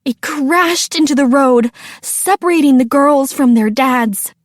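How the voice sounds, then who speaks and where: Woman narrator, slow and deliberate, dry close sound, storybook read. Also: sits high, dry recording.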